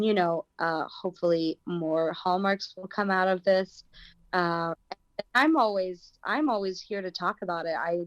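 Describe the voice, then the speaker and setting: Woman, American accent, lowish voice, thoughtful and searching for words, dry dull lo-fi recording. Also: no room sound. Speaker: actress, interview guest. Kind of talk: casual interview talk.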